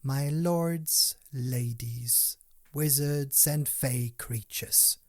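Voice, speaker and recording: A man's voice: medium pitch, extremely slow. A man voicing a proud fairy queen who speaks formally and with command.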